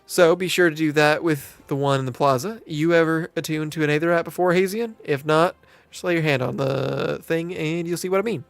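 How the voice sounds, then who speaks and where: Folksy middle-aged innkeeper woman played by a man, high put-on Southern drawl, dry close sound, light music under. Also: steady tone, a little fast, gravelly, hardly any pauses, dry recording. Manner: homey turns of phrase, stumbles over words while reading. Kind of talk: reading game dialogue aloud in character.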